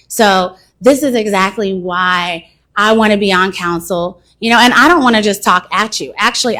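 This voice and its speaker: A woman's voice: medium pitch, a bit bright. A middle-aged woman from Cincinnati, a council candidate giving an emphatic, persuasive campaign speech at a community meeting and often tagging "okay".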